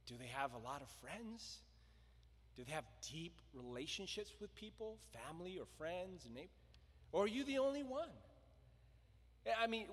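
A man preaching a sermon, telling the story with lively voices for the crowd and stopping to ask his listeners questions. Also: high voice, breathy edge. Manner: animated storytelling, acting out the crowd and quotes. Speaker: pastor. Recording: long reverb of a large hall.

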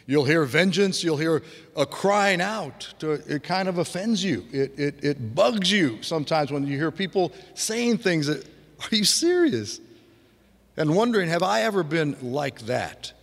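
A man's voice: fairly high pitch, expressive, normal speed. A man preaching a sermon in a loose, conversational way, with frequent restarts and vivid imitations of sounds. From grew up on a farm. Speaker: pastor. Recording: long hall reverb.

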